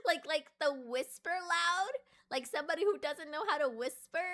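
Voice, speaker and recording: A young adult woman chatting casually with her stream, full of fillers and sudden jumps up in pitch when she gets excited. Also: a little slow, pauses often.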